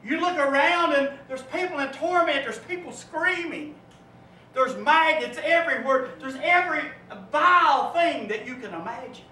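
A man preacher giving a sermon, telling a vivid story that swells and drops to a hush. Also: very high-pitched, expressive, normal speed. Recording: echoey room, from far off, faint noise.

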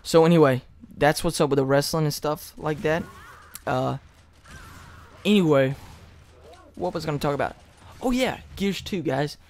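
A teenage young man giving rambling, excitable commentary over gameplay, close to his mic. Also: on the high side, moderate pace, long pauses, a little hiss or hum. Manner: rambling, hyped, self-mocking. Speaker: gaming commentator. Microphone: close desk mic.

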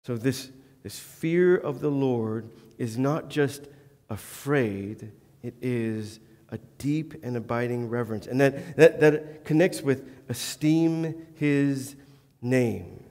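A male pastor preaches in a church sanctuary, taking it slowly in a dark, medium-pitched voice. He is earnest, with occasional self-deprecating humor, and the recording has long church-hall reverb.

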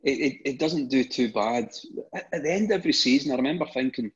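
Scottish guy, middle aged, husky voice, rambly storytelling with lots of "and, and", muffled sound. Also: medium pitch, fast. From Scotland. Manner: repeats words at the start of phrases, laughs between stories. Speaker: guest. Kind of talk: casual anecdotal storytelling. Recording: dull lo-fi recording.

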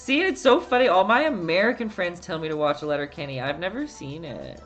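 A woman's voice: on the low side, very animated, a little fast, lo-fi sound, soft background music. A Canadian woman with a Canadian accent teaching a casual live-stream painting lesson, chatty, answering viewer chat and laughing often. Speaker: painting instructor.

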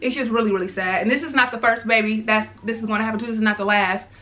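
Woman, vlogger, higher pitch, bright forceful tone, heartfelt, repetitive, casual talk to viewers. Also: fairly even intonation, rapid-fire, rough recording. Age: adult, mother of young girls. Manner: heartfelt, repeats herself, addresses viewers as y'all. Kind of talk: emotional casual commentary to viewers.

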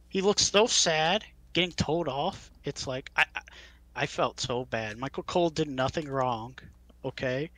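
A man with a bright, forceful, fairly high voice rants and jokes in casual podcast chat. He swears freely and slips into mock anger. The sound is dry and close to the mic. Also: measured pace, no echo. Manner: profane, joking, mock-angry rants. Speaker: podcast co-host. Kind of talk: casual chat recapping wrestling.

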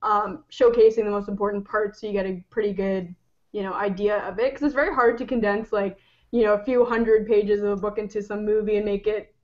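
A woman hosting a casual chat, talkative and quick to laugh. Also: mid-range voice, steady tone, darkish tone. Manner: chatty, laughs easily. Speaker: host. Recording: muffled lo-fi with faint hiss.

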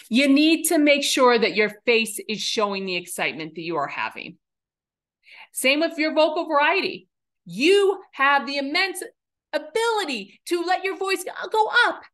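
A woman coaching public speaking in a webinar, talking in an enthusiastic, animated and emphatic way. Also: on the high side. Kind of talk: webinar presentation.

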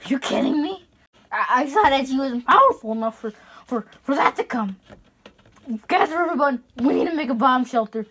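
A woman's voice: sits high, animated, moderate pace, background noise. A woman hosting her own online show, chatting casually in a rambling, profane way. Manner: rambling and profane, with frequent restarts. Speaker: show host. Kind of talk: casual rambling vlog chat.

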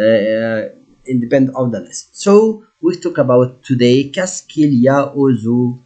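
A man with an Egyptian accent teaching a French lesson, slowly modeling each word and explaining in English. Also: medium pitch, darkish tone, husky, dull audio. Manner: slow, patient, drawn-out modeling of words; switches between English and French. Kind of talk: recorded classroom lesson.

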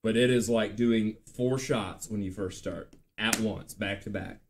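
A man in his late thirties hosting a live show, telling stories in a chatty, animated way with lots of ums and uhs. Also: fairly low pitch, measured pace, background noise. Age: late 30s. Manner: chatty, animated storytelling with filler words. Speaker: podcast host. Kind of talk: casual live-stream chat.

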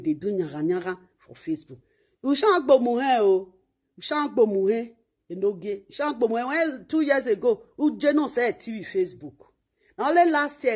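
Scolding Nigerian woman, husky voice. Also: mid-range voice, a little mellow. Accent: Nigerian Pidgin English. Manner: scolding, insulting and mocking; refers to herself in third person. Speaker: online commentator. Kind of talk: ranting monologue.

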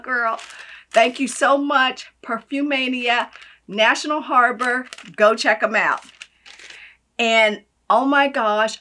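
Gushing woman with a bright voice. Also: a little high. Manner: gushing and effusive, swinging between hushed asides and loud exclamations. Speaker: beauty vlogger. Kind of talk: casual unboxing vlog.

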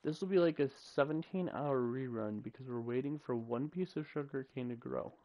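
A man's voice: medium pitch, moderate pace, muffled recording. A man live-streaming a game, chatting casually and rambling through jokes as he waits on something in the game. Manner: rambling, joking, self-talking.

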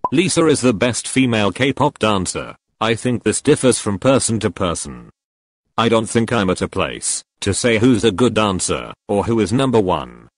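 Robot tts guy voice, low and emotionless, dry close sound, reading out fan confessions. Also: normal speed, no room sound. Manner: emotionless, flat synthetic delivery. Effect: text-to-speech voice. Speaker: YouTuber reacting to fan confessions.

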